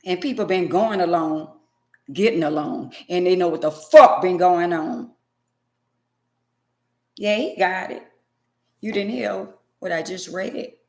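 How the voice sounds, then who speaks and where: A woman's voice: fairly low pitch, slow, long pauses, a little mellow, roomy sound. A woman ranting in casual commentary, emphatic and profane, hammering her points by repeating them. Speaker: vlogger.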